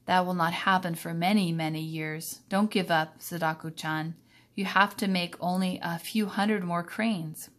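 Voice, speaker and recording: A woman reading aloud voices the gruff but gentle father of a sick girl, speaking softly and reassuringly. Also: high-pitched, fairly even intonation, a little slow. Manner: soft, reassuring.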